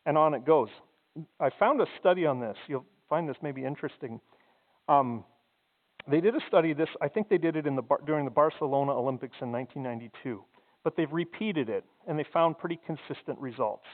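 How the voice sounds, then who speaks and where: A man's voice: on the high side, a little fast. A man preaching a sermon as pastor, speaking conversationally and often repeating words as he thinks aloud. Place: church sanctuary. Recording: phone-like sound in a long-reverb hall.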